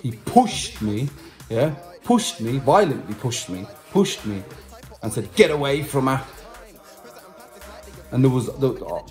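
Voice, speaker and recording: Very animated yet a little slow, a man with a medium-pitched, darkish voice talks over soft background music. The vlogger and musician tells his subscribers a personal story to camera, chatting repetitively and adding slang asides.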